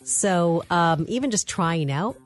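A woman co-hosting a morning radio show, talking in a deadpan, playful way. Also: fairly low pitch, takes it slowly, soft background music. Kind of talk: casual radio banter.

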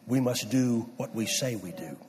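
A middle-aged man preaching a sermon, swinging from loud emphasis down to hushed near-whispers. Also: mid-range voice, expressive, normal speed. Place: church sanctuary. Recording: distant mic with long hall reverb.

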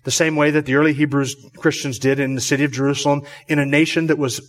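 A man with a somewhat high voice preaches a verse-by-verse sermon. His delivery is measured, and he circles back over phrases to drive them home. He climbs higher on the words he stresses. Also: level tone. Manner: measured, repeats phrases for emphasis, rises on key words. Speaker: pastor. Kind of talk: expository sermon.

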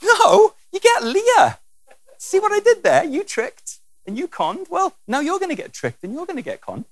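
A man's voice: very high-pitched, wildly swooping pitch, moderate pace, no room sound, pitched above the performer's own voice, heavily acted. A man putting on the voice of God, teasing and mocking tiny rebels in a raised, sing-song tone. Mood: gloating.

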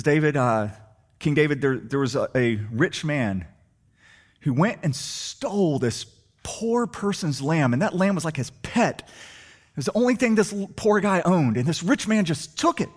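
A man preaching a sermon, asking the congregation rhetorical questions and swinging between soft and emphatic delivery. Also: on the high side. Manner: animated, rhetorical questions, shifting loud and soft. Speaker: pastor.

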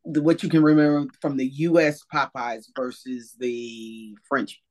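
A woman's voice: extremely low pitch, little pitch movement, unhurried, a little mellow. A woman in a casual chat, asking curious follow-up questions.

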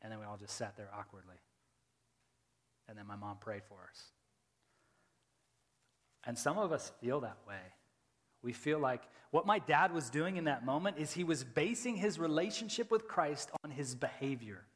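A man preaching a sermon as a pastor, moving between hushed, intimate storytelling and loud, impassioned appeals, repeating lines for emphasis. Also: mid-range voice, expressive, normal speed, pauses often. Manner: repetitive, rhetorical emphasis. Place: church sanctuary. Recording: long reverb of a large church hall.

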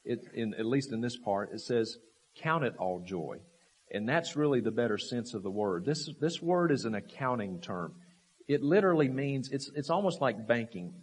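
A man preaching a sermon, emphatic and full of rhetorical questions, repeating key phrases and swinging from raised, forceful lines to low, quiet ones. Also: lively intonation, normal speed, husky.

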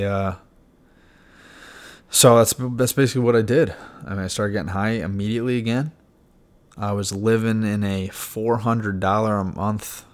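A young man with a low-pitched voice recounts his own past in a loose, candid podcast style. He talks frankly, leans on fillers and now and then swears casually. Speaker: podcast guest sharing his recovery story. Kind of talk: candid personal storytelling.

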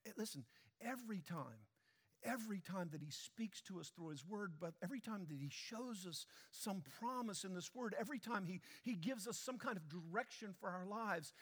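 A man's voice: high-pitched, fairly bright tone, long reverb tail. A man preaching a sermon in a church, speaking emphatically and putting questions straight to the congregation. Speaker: pastor. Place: church sanctuary.

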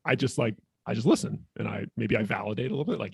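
Man, podcast therapist, casual explainer, gravelly, dry sound. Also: lowish voice, fast talker, no room sound. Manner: thoughtful, explaining with many "like"s. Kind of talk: casual conversation.

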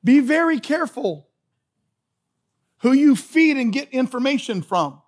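A man's voice: very high-pitched, very animated, unhurried. A man preaching a sermon as pastor, earnest and emphatic, often repeating his phrases for stress. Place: church sanctuary.

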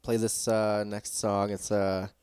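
A man's voice: fairly low pitch, flat delivery, slow, darkish tone, clean tone. A man with an American accent hosting a casual podcast chat, playful and laughing often. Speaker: podcast host.

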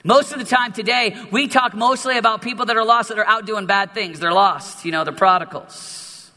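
A man preaching a sermon as a youth pastor in an emphatic, animated way, with many repetitions. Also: sits high, normal speed, big-room sound.

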